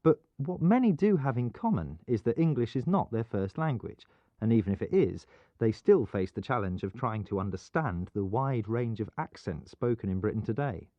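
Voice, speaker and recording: Lively male presenter, dry studio. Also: mid-range voice, moderate pace, no room sound. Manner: clear, explanatory. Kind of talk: scripted educational narration. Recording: dull, dry studio sound.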